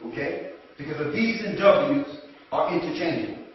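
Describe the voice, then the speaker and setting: A man's voice: on the high side, expressive, normal speed, recorded from a distance, slight background noise. A man teaching a scripture class, prompting others to read aloud and repeating their words back to them. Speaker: Bible study teacher. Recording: echoey room from afar, dull lo-fi.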